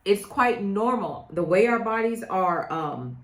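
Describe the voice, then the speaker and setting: A woman's voice: medium pitch, animated, a little slow. A middle-aged woman coaching women on dating in a direct, emphatic way, often checking in with "okay?". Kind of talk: direct advice monologue. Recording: echoey room.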